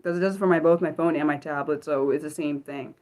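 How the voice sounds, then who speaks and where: A woman hosts a casual livestream in a fairly low voice. She rambles through her thoughts, stopping and restarting, with plenty of ums. She answers her chat as she goes. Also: steady tone, fast, a little mellow. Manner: rambling, many fillers and restarts, reading chat aloud. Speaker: livestream host.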